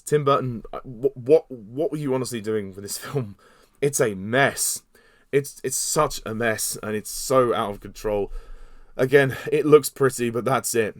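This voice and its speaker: A man's voice: mid-range voice, no room sound. A young man hosts a podcast and rants through a film review, exasperated and sweary. His voice sits in a middling register, and the recording is dry and close with no room sound. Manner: exasperated, sweary, animated rant with bursts of laughter.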